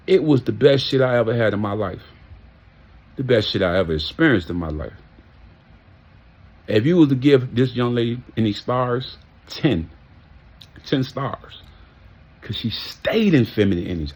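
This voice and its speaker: A man's voice: mid-range voice, very animated, moderate pace, vocal fry, long pauses, breathy edge. A man telling a casual, heartfelt story, emphatic and full of street slang and profanity. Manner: heartfelt and reminiscing. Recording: muffled lo-fi audio.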